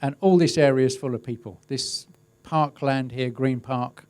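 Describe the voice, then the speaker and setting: A middle-aged man speaks at an ordinary pitch for a man. He talks through a webinar presentation about crowd safety. His storytelling is easygoing and wry, with a dry touch of humour. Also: normal speed, a little mellow, clear, resonant tone, no echo. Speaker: crowd safety and event management specialist. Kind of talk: webinar presentation, telling an anecdote.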